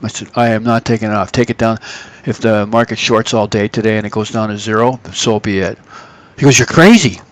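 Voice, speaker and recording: A man hosting a live trading stream and telling a story in a loose, casual way. He acts out the people he quotes with sudden jumps in pitch. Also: brisk. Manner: animated, acts out quoted voices.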